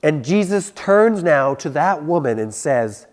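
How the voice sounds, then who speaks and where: A man's voice: fairly high pitch, a little slow, hardly any pauses. A young adult man preaching a youth sermon, telling stories and acting out voices as he goes. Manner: animated, acts out voices, laughs at own stories. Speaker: youth pastor.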